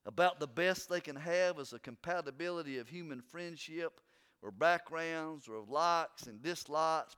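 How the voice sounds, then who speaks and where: A man preaching a sermon, swinging between loud urging and hushed, earnest talk. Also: fairly high pitch, moderate pace, clean tone.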